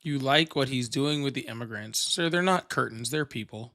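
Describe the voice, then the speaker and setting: A man's voice: medium pitch, moderate pace, sharp tone. A man co-hosting a casual political livestream, joking and teasing callers with frequent laughs. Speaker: livestream co-host.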